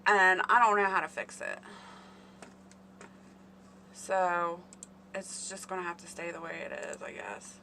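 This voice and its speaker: A woman's voice: on the low side, fairly even intonation, a little slow, pauses often, sharp tone, a little hiss or hum. A woman hosting a casual live stream, rambling and chatting with her viewers by name. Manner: chatty, rambling, talks to chat readers by name.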